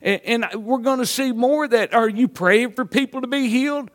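A man's voice: very high-pitched, brisk, a bit bright. A middle-aged man, a pastor preaching a sermon with folksy stories that build to fervent exhortation. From Mississippi.

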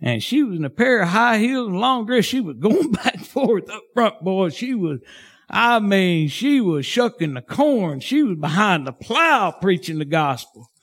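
A man preaching a sermon as pastor, fervent and folksy, swinging from shouts to hushed tones. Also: sits high, very animated, unhurried.

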